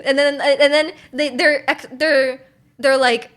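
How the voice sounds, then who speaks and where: A young Canadian woman streams and chats casually while reading viewer messages, rambling with lots of fillers and giggly asides. Her voice is high-pitched and a bit bright, and she takes it slowly.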